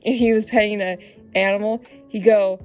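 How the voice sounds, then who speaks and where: A young woman vlogger talking casually about her cat, halting with many fillers and fighting back tears. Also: mid-range voice, fairly even intonation, darkish tone, faint music behind. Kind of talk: casual vlog.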